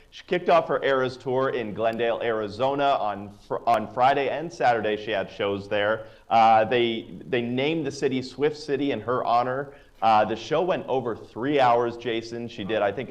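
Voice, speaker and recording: A man reporting entertainment news to talk show hosts in an easygoing, upbeat way. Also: mid-range voice. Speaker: entertainment correspondent.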